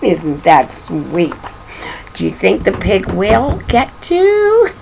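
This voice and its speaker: A woman's voice: mid-range voice, huge pitch swings, slow pace, gravelly, background noise. An older woman reading a picture book aloud to children, chatting affectionately and pointing out the pictures. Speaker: story reader.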